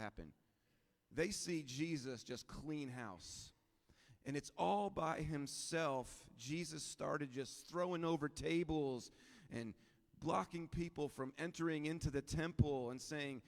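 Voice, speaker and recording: A man preaching a sermon as pastor, in a relaxed, conversational way with frequent rhetorical questions. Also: mid-range voice, big-room sound.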